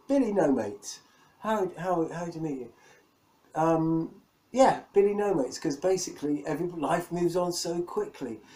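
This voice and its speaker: A man's voice: on the high side, warm tone, poor audio. A middle-aged man from England, rambling and self-mocking in a casual video diary, laughing often. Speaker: vlogger.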